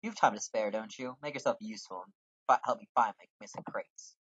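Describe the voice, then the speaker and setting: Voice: medium pitch, fairly quick, slightly rough, highs cut off, pitched below the performer's own voice, close to an everyday voice. A gamer voicing an angry, blustering male cargo manager who barks curt orders. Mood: irritated. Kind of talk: reading game dialogue aloud.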